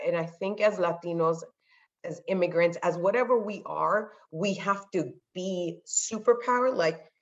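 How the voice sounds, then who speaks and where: A woman's voice: lowish voice, dull audio. A woman guest in a casual chat, telling stories with acted-out dialogue and dropping into Spanglish. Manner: animated storyteller, slips into Spanglish; acts out quoted dialogue. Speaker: podcast guest.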